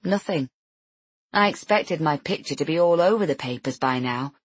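A woman's voice: deep voice, expressive, normal speed, husky, dry recording. A woman narrating a novel in first person, tense and introspective. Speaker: audiobook narrator.

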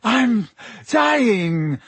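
A man voicing a spoiled teenage boy who drawls his words with slow contempt. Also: high voice, very animated, a bit bright, husky, no room sound, pitched above the performer's own voice, full character voice. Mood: panicked shriek. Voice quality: drawling, then shrieking in panic.

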